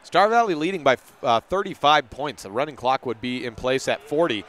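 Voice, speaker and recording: Brisk local radio basketball announcer, man. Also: mid-range voice, lively intonation, a bit bright. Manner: brisk play-by-play, corrects himself on names. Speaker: play-by-play announcer. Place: gym at a high school game.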